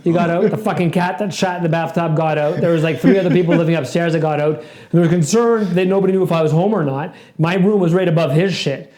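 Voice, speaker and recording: A man co-hosting a podcast, telling stories quickly and profanely in casual chat. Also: on the high side, echoey room. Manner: rapid, profane, animated storytelling. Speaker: podcast co-host.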